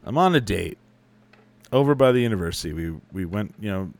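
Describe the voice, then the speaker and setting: A man's voice: on the low side, lively intonation, a little fast. A young adult man chatting casually as a podcast host, answering listener questions with rambling, profane, self-correcting stories. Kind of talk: casual chat.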